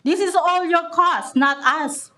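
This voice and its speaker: A woman with a high, sharp-toned voice takes it slowly as she gives her public comment at the podium microphone of a council chamber. Angry and accusatory, she keeps stumbling and repeating herself.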